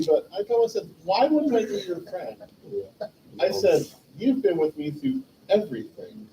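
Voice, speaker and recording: A man shares memories in an animated, heartfelt and rambling way, his voice mellow and swinging widely in pitch. He sits some way back from the mic, with faint room ambience behind him. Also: moderate pace, far from the mic, lo-fi sound, a little hiss or hum. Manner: animated, rambling, heartfelt, acts out past dialogue. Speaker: memorial stream host. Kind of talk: personal storytelling, eulogy.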